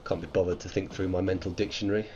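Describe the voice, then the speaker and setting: A man's voice: deep voice, level tone, racing, darkish tone, lo-fi sound, a little hiss or hum. A British man giving live gameplay commentary, playful and silly, tossing out made-up words. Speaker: streamer.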